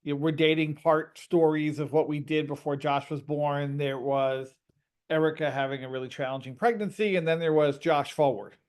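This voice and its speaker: A man, a parent, telling stories with lively energy in a conversation over a video call. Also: fairly high pitch, clean tone. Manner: animated storyteller, quick and lively. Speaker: parent and guest.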